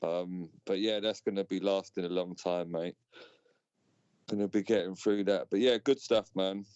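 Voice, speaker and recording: Man, low voice, smooth, casual stream chat, dry and dull sound. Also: fairly even intonation, a little mellow, dry recording. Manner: laid-back, drawn-out fillers and "mate". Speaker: co-host of a live stream. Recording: dull, dry home recording.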